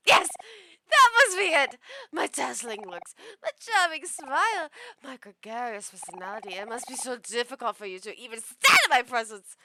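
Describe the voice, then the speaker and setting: A woman's voice: fairly high pitch, expressive, moderate pace, sharp tone, no echo, full character voice. A woman doing a vain princess with a fake accent. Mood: pompous. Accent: put-on mix of German and French. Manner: pompous, grandiose, self-adoring declarations. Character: vain, theatrical princess boss, female, adult. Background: game music.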